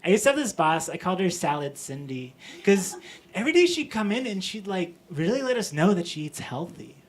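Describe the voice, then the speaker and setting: A man's voice: sits high, big pitch swings, a little fast, background noise. A man performing stand-up comedy on a small theatre stage, wry and self-deprecating, building to exasperated punchlines. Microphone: stage mic. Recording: live audience laughter.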